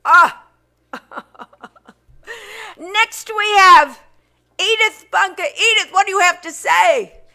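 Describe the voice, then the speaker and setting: A woman's voice: extremely high pitch, takes it slowly, creaky, pauses often, bright, forceful tone, exaggerated voice. A woman impersonating a brash, gossipy older female talk-show host who fires off teasing insult jokes. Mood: brassy. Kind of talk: stage impression comedy.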